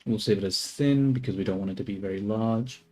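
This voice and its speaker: A man's voice: on the low side, fairly quick, a little mellow, faint music behind. A young man streaming his 3D modeling work, thinking aloud in casual chatter, trailing off and correcting himself as he goes. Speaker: livestreamer doing 3D modeling.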